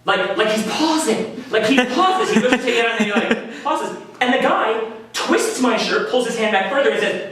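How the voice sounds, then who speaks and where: A man telling a personal story at a live story slam in a conversational, animated way, with quick asides to the audience. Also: very high voice, crowd noise. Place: small venue before a live audience. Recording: echoey room, mic from a distance. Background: audience laughter.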